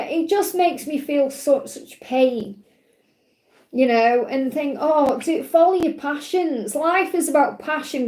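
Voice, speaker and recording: A woman hosts a spiritual live stream, speaking in a heartfelt, emotional, rambling way full of fillers. Her voice is high and a little mellow, with a roomy sound.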